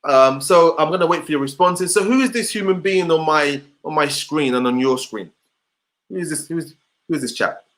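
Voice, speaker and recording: Energetic man with a high voice. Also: normal speed. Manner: energetic, rhetorical, repeats questions to the audience. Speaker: motivational speaker. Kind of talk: online motivational session.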